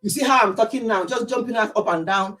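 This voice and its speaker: A woman's voice: a little high, fast talker, fairly bright tone. A woman hosting a casual home livestream, chatting to viewers by name and laughing often, a little out of breath from exercising. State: slightly out of breath. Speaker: livestream host. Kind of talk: casual livestream chat with singing.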